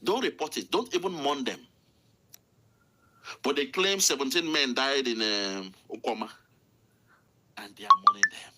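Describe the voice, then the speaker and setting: A man's voice: mid-range voice, sharp tone. A man with a Nigerian accent delivering an angry political rant, furious and insulting, repeating himself. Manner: furious, insulting, repetitive ranting. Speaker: political commentator.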